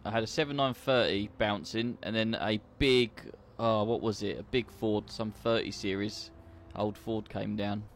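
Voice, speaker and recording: A man's voice: fairly low pitch, fairly even intonation, normal speed, few pauses, slight background noise. A young man chatting while playing a farming game, joking and laughing through stories of his own accidents. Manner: jokey, laughing anecdotes. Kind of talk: casual gaming chat.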